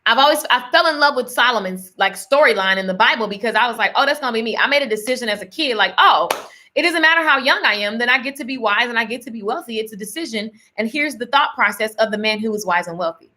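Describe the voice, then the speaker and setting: A young woman hosting a casual live stream, speaking straight to her viewers with lots of laughs and folksy phrasing. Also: on the high side. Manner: lively, talks straight to viewers, laughs often; folksy Southern-style phrasing, y'all and honey. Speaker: host of a live faith and business talk.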